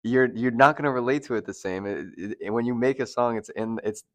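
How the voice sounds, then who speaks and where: A young man hosting a casual chat, relaxed and slangy, laughing often. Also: medium pitch, a little fast, no room sound. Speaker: podcast host interviewing a rapper.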